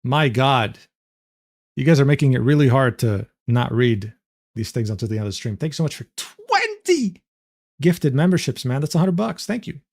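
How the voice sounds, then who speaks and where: A man's voice: medium pitch, big pitch swings, moderate pace. A young man reacting to a clip on stream, incredulous and swearing, breaking into laughter often. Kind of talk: casual reaction commentary.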